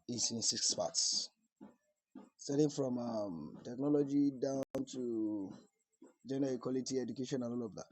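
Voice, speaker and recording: A man with a husky, slightly breathy voice gives step-by-step advice straight to camera. He is emphatic and says key points more than once. The recording is dry and close, with almost no room sound. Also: medium pitch, no echo, poor audio. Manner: emphatic, repeats key points, restarts phrases. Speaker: scholarship application coach. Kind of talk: instructional talk to camera.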